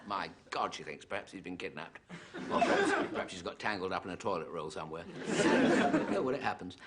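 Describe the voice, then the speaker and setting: A man's voice: sits low, wildly swooping pitch, a little fast. A man telling a rambling shaggy-dog story on stage, often breaking into laughter himself. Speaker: comedian. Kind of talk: stand-up storytelling to a live audience. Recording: live theatre audience laughter and noise. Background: loud audience laughter.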